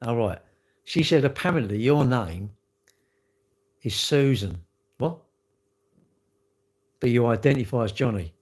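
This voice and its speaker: A man's voice: mid-range voice, animated, unhurried, long pauses. A man hosting a live stream, chatting and joking with viewers in cheeky banter that jumps from topic to topic.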